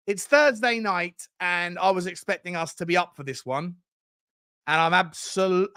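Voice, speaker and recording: A man's voice: high voice, normal speed, bright, forceful tone, clean tone. A man hosting a live football watchalong, ranting and chatty, exasperated with his team. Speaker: football fan channel host.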